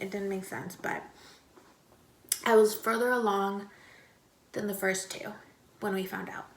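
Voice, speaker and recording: Young woman vlogger, casual storyteller, lots of fillers, recorded in a roomy space with echo. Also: medium pitch. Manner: chatty, many fillers and "like". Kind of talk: casual personal storytelling to camera. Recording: echoey room.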